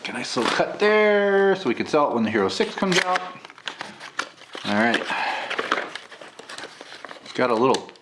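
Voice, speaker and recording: A man getting over a cold, with a gravelly voice, chatting casually through a camera unboxing and review, with lots of filler "uh"s. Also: medium pitch, normal speed, pauses often, noisy background. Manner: relaxed, chatty, many filler "uh"s.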